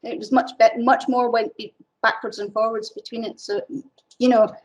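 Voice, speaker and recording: Woman host, a touch higher-pitched, casual halting conversational delivery. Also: flat delivery, low-quality recording. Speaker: library interviewer.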